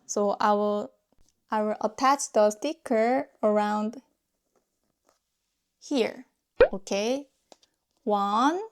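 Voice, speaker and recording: A woman with a Korean accent, a native Korean speaker, teaching a pronunciation lesson patiently and repeating example words slowly. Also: on the high side, clean tone. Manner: patient, demonstrates sounds with slow repeated drills.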